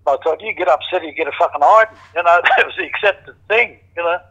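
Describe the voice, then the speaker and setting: A man's voice: on the high side, fast, pushed and bright, breathy edge, highs cut off. An older Australian man in a casual interview, telling stories bluntly, swearing freely and acting out what others said. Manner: blunt, swears freely, acts out quoted voices. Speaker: interviewee, former criminal. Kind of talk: casual storytelling.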